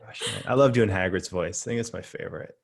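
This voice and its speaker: Low husky male interview host. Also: fast. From Pittsburgh. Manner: reflective, rambling, trailing phrases. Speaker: interview host, coach training co-founder. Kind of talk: casual conversational interview.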